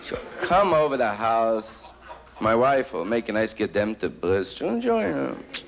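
A man's voice: medium pitch, sing-song, unhurried, gravelly. A comedian doing an eager lonesome small-town old man. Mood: pleading.

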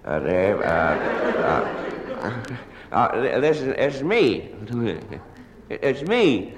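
A man's voice: mid-range voice, sing-song, extremely slow. A hungover man stammering through a one-sided comic phone call, sheepish and apologetic, full of hesitant restarts. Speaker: comedian. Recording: live recording in a large echoing hall with ambient noise.

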